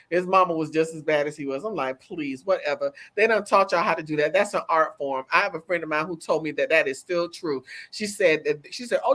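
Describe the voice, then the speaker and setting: A woman co-hosting a casual talk show, animated and emphatic, repeating words for effect. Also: on the low side. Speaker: co-host. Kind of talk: casual chat.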